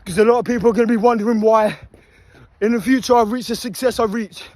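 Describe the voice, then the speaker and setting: A man's voice: high voice, fairly even intonation, fast, a little mellow, no echo. A young man, out of breath, giving a swearing motivational rant while jogging at night with a phone. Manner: swearing, preachy, breathing hard while running. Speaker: fitness vlogger. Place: outdoors by a motorway at night. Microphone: phone held while running.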